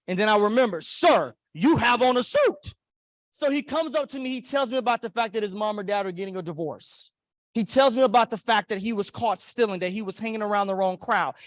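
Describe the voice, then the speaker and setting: A man giving a motivational keynote at a conference, telling a personal story with acted-out voices and big swings between loud and soft. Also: high-pitched, no echo. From Florida. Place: conference hall.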